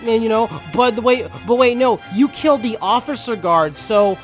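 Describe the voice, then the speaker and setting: A man's voice: very high voice, normal speed, soft background music. A man giving a casual, sarcastic, profanity-laced recap of a game story as a reviewer.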